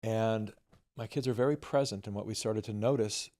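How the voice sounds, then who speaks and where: A middle-aged man, a filmmaker guest, telling animated family anecdotes and acting out the dialogue. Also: lowish voice, moderate pace. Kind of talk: storytelling in conversation.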